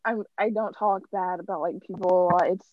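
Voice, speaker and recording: A woman's voice: fairly low pitch, fairly even intonation, brisk, no room sound. Brief: young woman podcast co-host, casual chat, leans on filler words, laughs easily, muffled dry call audio. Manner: chatty, says "literally" and "like" a lot, laughs often. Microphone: video call.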